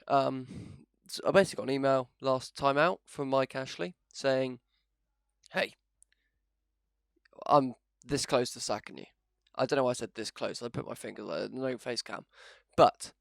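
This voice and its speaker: A man with a gravelly, fry-touched voice talks through his video game as a channel host, chatty and self-mocking, then bursting into loud excitement. His sound is close and dry with no room around it. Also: mid-range voice, dry recording. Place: home setup, no camera.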